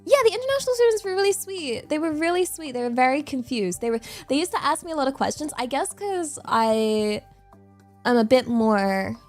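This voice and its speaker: A woman's voice: sits high, expressive, brisk, faint music behind. A young English woman streaming, chatting casually with viewers in a bubbly, chatty way and laughing often. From England. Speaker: VTuber streamer.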